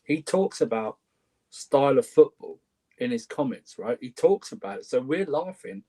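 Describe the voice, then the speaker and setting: Man, mid pitch, earnest, steady, casual football discussion. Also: moderate pace. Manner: earnest, tries to make a serious point. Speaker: podcast co-host.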